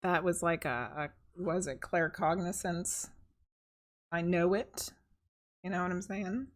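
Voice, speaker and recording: With an unhurried, lowish voice, a woman psychic medium runs a live-stream tarot reading. She's soft-spoken and chatty, voicing her thoughts and reading viewers' chat aloud.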